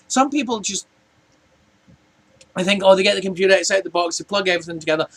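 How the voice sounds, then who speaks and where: A Scottish vlogger in his forties rants casually to camera in a high, somewhat bright voice. He talks fast but leaves long pauses, rambling chattily and restarting often.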